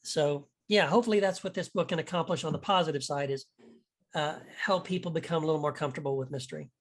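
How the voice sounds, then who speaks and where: A man's voice: fairly high pitch, fast. Male author guest, casual and candid, rambling delivery, easy laughter. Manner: candid, rambling, self-deprecating, laughs easily. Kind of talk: casual interview conversation.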